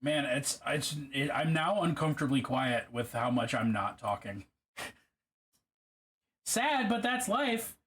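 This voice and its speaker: A man streaming casually as he paints a miniature, rambling and self-deprecating, with halting restarts. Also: mid-range voice, sing-song, a bit bright.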